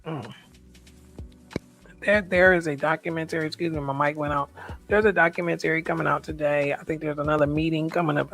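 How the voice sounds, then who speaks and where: A woman's voice: low-pitched, gravelly. An American woman talking in a personal, reflective vlog monologue. She speaks in a heartfelt, emotional way and repeats her affirmations. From United States. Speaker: vlogger.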